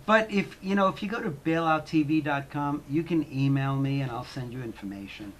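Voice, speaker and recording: A man's voice: fairly high pitch, brisk. A man who teaches acting, chatting as a guest on a talk show in an easygoing way. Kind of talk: casual interview.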